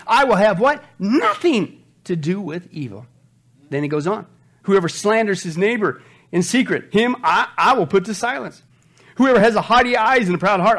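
Animated preaching man, lively high voice. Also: normal speed. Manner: animated preaching, rhetorical call-and-response questions, jokes. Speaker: pastor. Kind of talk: sermon.

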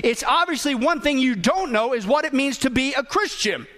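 A man's voice: very high voice, lively intonation, moderate pace, sharp tone. A man preaching a sermon as pastor, emphatic, asking the congregation rhetorical questions.

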